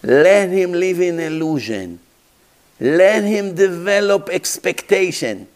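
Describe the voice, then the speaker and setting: A man's voice: sits high, animated, slow. A man preaching as a rabbi, telling stories dramatically in imperfect English and asking his listeners rhetorical questions. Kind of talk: sermon.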